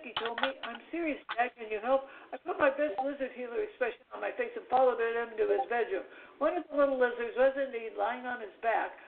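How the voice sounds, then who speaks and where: A man with a gravelly, creaky voice chats and tells a long joke in a playful storyteller's manner. He sounds tinny and narrow, like an internet radio call over a phone line. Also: very high voice, slight background noise. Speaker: co-host. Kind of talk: casual chat, reading a joke aloud.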